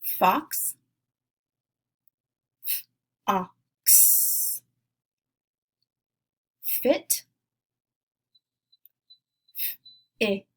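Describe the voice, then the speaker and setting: Slow, deliberate woman teaching phonics. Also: on the high side, wildly swooping pitch. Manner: slow, clearly sounding out each phoneme.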